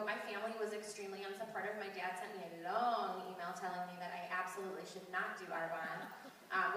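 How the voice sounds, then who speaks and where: A woman in her thirties giving a chatty, animated motivational training talk, telling stories and laughing as she goes. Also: mid-range voice, a little hiss or hum. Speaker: sales trainer. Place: large hall. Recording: echoey hall recorded from far off.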